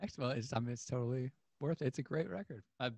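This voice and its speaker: A man hosting a casual interview podcast, relaxed and a bit hesitant as he asks about the music. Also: medium pitch, quick pace, creaky. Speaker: podcast host.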